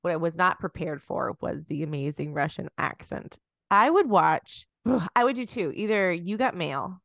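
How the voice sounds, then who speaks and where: A woman in her forties co-hosting a comedy podcast, animated and quick with asides. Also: on the low side, creaky, dry recording, studio quality. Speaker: podcast co-host. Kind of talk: casual comedic chat.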